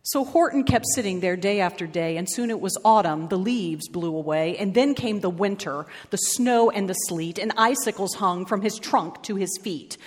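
A woman reading a rhyming storybook aloud in a measured, expressive way. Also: mid-range voice, slightly rough, long reverb tail.

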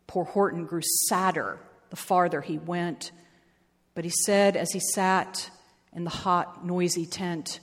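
A woman reading a children's rhyming story aloud with an expressive, lingering delivery. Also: lowish voice, measured pace. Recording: long hall reverb.

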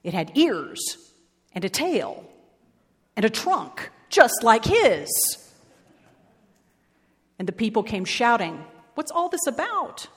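Expressive female storyteller reading rhyming verse slowly in a reverberant hall. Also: mid-range voice, breathy edge.

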